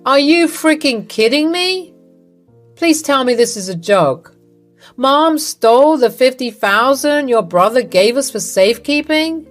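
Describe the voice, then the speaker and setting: A woman's voice: high-pitched, lively intonation, measured pace, pitched above the performer's own voice. Woman reading as a worried husband, earnest, exclaiming, faint music behind. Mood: shocked. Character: worried husband, man, apologetic.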